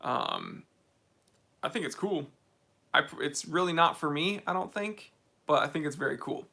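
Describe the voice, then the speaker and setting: American male host, relaxed livestream chatter, slightly high and bright-toned. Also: normal speed, vocal fry. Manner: laid-back, reads viewer comments aloud. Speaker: host of a watch channel livestream Q&A. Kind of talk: casual livestream chat. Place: game room at home.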